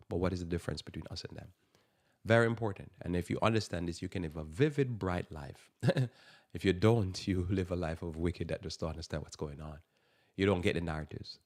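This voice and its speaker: Deep-voiced man preaching on radio. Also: darkish tone. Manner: emphatic, repeats phrases for stress. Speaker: radio talk show host. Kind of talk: preaching Bible talk.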